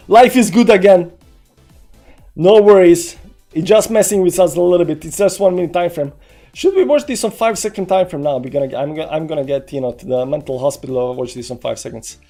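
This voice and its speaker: A man live-streaming his crypto trades, moaning in despair at losses and cheering at gains, talking to his viewers. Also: a little high. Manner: swings between groaning despair and excited cheering; dramatic, self-mocking, talks to chat. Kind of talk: live-stream commentary on a trading chart.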